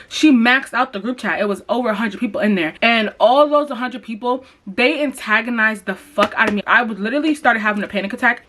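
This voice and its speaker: A woman's voice: fairly high pitch, pushed and bright. A young adult woman telling a personal story to her viewers in a casual vlog, blunt and chatty with lots of swearing. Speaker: vlogger.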